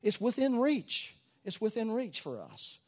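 A man preaching a sermon to a church congregation, moving between soft asides and loud exclamations. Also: sits high, huge pitch swings, a little slow. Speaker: pastor.

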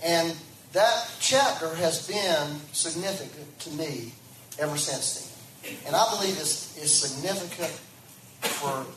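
A man preacher, giving a conversational sermon that repeats phrases and builds to loud, fervent calls. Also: a little high, measured pace, background noise. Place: church. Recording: echoey room, from a distance, faint ambience.

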